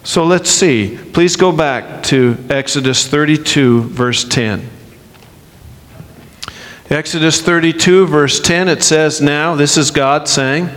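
Slow, deliberate preacher in a reverberant hall. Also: male voice, fairly high pitch, a bit bright. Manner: slow, emphatic delivery with acted-out quotes. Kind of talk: sermon.

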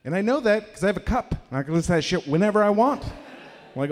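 A young man with a fairly high voice works through a rambling, self-deprecating stand-up set, now and then breaking into loud put-on voices. His mic picks up a live room with a long, ringing reverb behind him. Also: animated, fast talker. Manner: rambling, self-deprecating, acts out characters loudly. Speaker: stand-up comedian. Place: live comedy venue.

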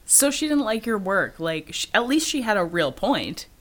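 A woman co-hosting a podcast in casual chat, blunt and lively. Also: moderate pace. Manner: lively, blunt and swinging in pitch. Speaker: podcast co-host.

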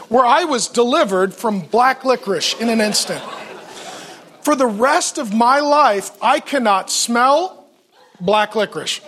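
A man's voice: very high-pitched, a bit bright. A man preaching a sermon as pastor in a church, telling stories with playful acted-out quotes.

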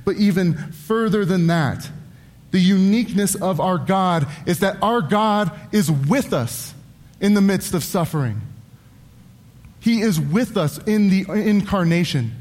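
A man in his thirties preaching a sermon as pastor, earnest, with restarts and quick wry asides. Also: high voice, expressive, darkish tone. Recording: church hall reverb.

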